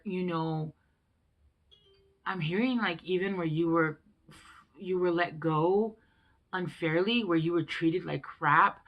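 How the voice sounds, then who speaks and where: A woman's voice: low voice, creaky, highs cut off. A young woman giving a casual tarot reading, rambling and chatty and swearing freely. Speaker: tarot reader.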